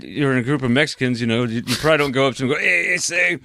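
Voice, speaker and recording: A man co-hosting a podcast in a dry, close recording. He laughs often and drops jokey asides. His pitch sits in a middle range. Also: steady tone, rapid-fire, fairly bright tone, dry recording. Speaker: podcast co-host. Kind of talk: casual podcast chat.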